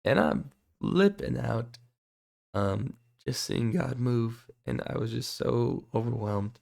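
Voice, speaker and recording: Young man, mid pitch, very gravelly, hoarse, earnest testimony storyteller. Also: takes it slowly. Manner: earnest, excitable storytelling with fillers. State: voice going hoarse. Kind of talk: personal faith testimony.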